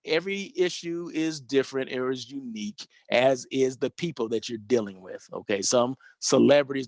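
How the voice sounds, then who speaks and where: Here a hospitality show host shares tales from his years working in hotels as a casual monologue, wandering off track and restarting sentences often as he self-corrects. His voice is medium in pitch, with no echo.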